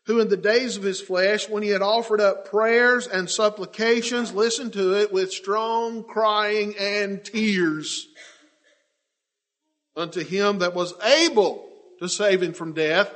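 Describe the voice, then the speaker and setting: A male preacher with a notably high voice delivers an impassioned sermon. He swings from ringing declarations to hushed, drawn-out phrases.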